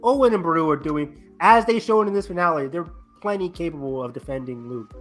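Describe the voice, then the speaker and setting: A man's voice: on the high side, brisk, fairly bright tone, soft background music. A young man co-hosting a fan review podcast, talking casually and swearing freely. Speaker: podcast co-host.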